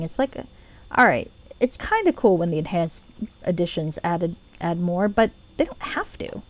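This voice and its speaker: A woman's voice: medium pitch, sing-song, normal speed, pauses often, a little mellow. A woman streaming a game, chatting casually and rambling, swearing freely and joking about herself. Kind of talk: casual live-stream commentary.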